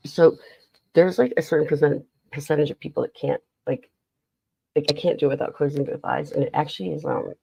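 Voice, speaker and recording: A woman's voice: sits low, fairly even intonation, a little fast, vocal fry, warm tone, husky, no echo, rough recording. A woman hosting a casual livestream who rambles, reads the chat aloud and laughs often, with a stuffy, runny nose. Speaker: livestream host.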